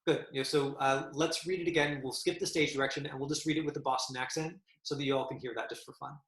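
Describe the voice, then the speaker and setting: A man teaching an acting class, explaining a script to his students in a halting way, with many fillers and restarts. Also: mid-range voice, fairly even intonation, fairly bright tone, reverberant, low-quality recording.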